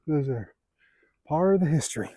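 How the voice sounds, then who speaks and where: In a fairly high, animated voice that's warm and slightly rough, a male hiking vlogger with an Ozark Southern American accent talks at normal speed. He's walking a wooded trail outdoors and chatting easily to viewers, out of breath from climbing. The casual vlog, filmed on a handheld camera, sounds dry and close with no room sound.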